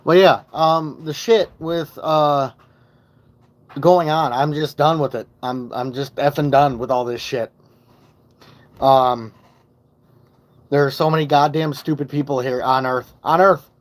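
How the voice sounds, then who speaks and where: Speaking into a phone in his home basement, this Michigan man chats casually on a live stream. He has a fairly high, steady voice at a measured pace with frequent pauses, and he rambles, curses and drifts off his point.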